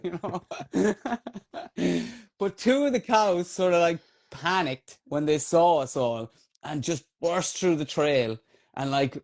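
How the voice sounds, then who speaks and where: This man's fairly high voice carries an Irish accent as he tells a race story on a podcast at a moderate pace. A trail runner, he's animated and casual, swearing often and leaning on fillers.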